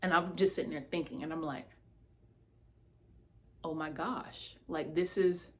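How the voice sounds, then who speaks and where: A woman telling a personal testimony in a casual, animated way, speaking straight to her listeners. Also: sits low, a little slow.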